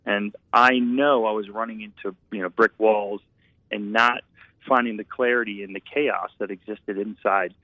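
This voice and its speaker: A man's voice: on the low side, fairly even intonation, moderate pace, no echo. A man, a painter and former architect, telling his story in an earnest, rambling way over a tinny, phone-like sound. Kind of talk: reflective storytelling.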